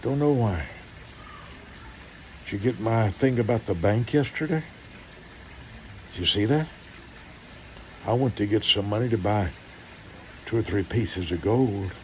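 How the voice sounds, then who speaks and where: An older pastor with a low voice tells stories in sermon style. He acts out the dialogue with animation and swings between loud bursts and hushed asides. A faint hum sits under the recording. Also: measured pace, long pauses.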